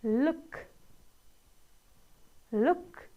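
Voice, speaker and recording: Slow, lively Nepali-accented woman teacher. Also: high voice, phone-quality sound. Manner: slow, drawn-out model words with encouraging praise. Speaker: English teacher. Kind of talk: classroom pronunciation lesson.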